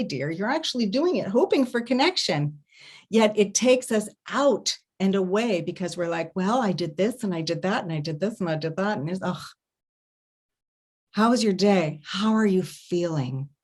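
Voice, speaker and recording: A woman giving an online festival talk as an intimacy coach, expressive, humming and acting out little sounds to demonstrate her points. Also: lowish voice. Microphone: online video talk.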